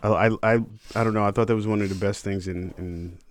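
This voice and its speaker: A man's voice: fairly low pitch, steady tone, fast. A man hosting a podcast, chatting bluntly and jokingly about games and stumbling over repeated words. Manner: blunt, joking, stammers on restarts. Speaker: podcast host. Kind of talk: casual gaming chat.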